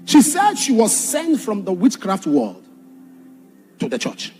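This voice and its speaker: A man preaching a sermon and telling a personal testimony, dramatic, shouting some points and dropping low on others. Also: wildly swooping pitch, unhurried, soft background music. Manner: dramatic, shouts for emphasis then drops low. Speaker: pastor.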